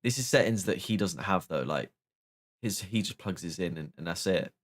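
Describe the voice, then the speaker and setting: Casual male streamer, deep voice, close dry mic, explains his mic settings as he goes. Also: animated, moderate pace, slightly rough, no room sound. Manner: thinking aloud, explaining settings step by step. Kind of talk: casual mic test chat. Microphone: new microphone, close up.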